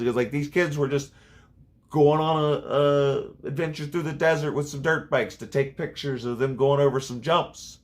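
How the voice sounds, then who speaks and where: A man reviewing a horror film in a casual vlog, rambling and swearing as he retells the plot. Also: medium pitch. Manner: rambling, profane, animated. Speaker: movie reviewer. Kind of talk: casual profane vlog commentary. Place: seated at home.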